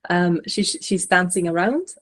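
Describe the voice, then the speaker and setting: A woman channeler relaying spirit messages slowly and softly during a live online session. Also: on the low side.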